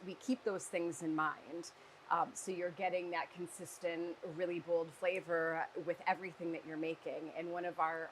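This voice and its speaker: A woman talking casually as a guest, explaining food flavors in an animated, chatty way. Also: fairly low pitch, a little hiss or hum, poor audio. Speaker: guest flavor company representative. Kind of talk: casual chat.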